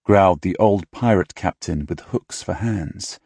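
A man reading an audiobook in measured, dramatic storytelling style, close to a studio mic. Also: sits low, a little mellow, breathy edge, dry recording. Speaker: audiobook narrator. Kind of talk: scripted audiobook narration.

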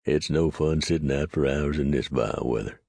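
A man voicing a cool, unhurried Texan gunman with a mocking drawl in an audiobook reading. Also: very deep voice, creaky, darkish tone, no echo, clean studio sound, full character voice. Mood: calm. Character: cold, calm Texan gunman, smug and unhurried.

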